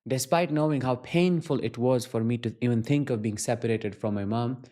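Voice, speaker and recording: A man's voice: mid-range voice, a little mellow. A man hosting his own channel, telling personal stories to camera in an earnest, reflective way with emphatic questions. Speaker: self-help channel host. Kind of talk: personal storytelling monologue to camera.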